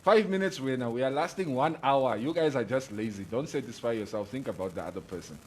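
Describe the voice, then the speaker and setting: A man's voice: mid-range voice, quick pace, slightly rough. A man with a Namibian English accent co-hosting a casual radio show, joking and teasing while mixing in Afrikaans. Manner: teasing, jokey, mixes in Afrikaans.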